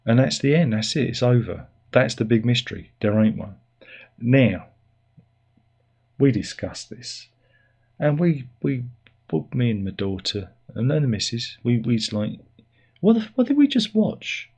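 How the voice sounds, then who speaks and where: A man's voice: medium pitch, unhurried, creaky, darkish tone, breathy edge. A middle-aged man giving a sarcastic, exasperated and rambling spoken review.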